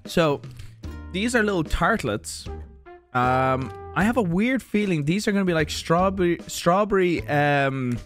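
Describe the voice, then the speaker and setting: A man's voice: high-pitched, animated, measured pace. A young Irish man rambling and joking as he tastes and reviews snacks, now and then mock-defensive, over faint music. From Ireland. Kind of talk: casual snack review vlog.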